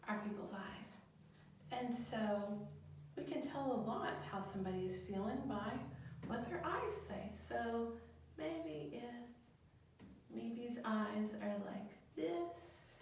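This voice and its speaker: A woman school counselor teaching young children in a video lesson, speaking gently, asking them questions and pausing for their answers. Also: on the high side. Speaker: elementary school guidance counselor. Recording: very echoey room, voice from a distance, faint noise.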